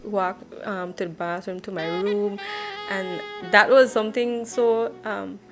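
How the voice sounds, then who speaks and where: A woman's voice: medium pitch, steady tone, a little slow, recorded from a distance, music in the background, poor audio. A woman in her twenties from Belize, giving a personal faith testimony in a hesitant way, with many fillers and restarts. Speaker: church member giving testimony.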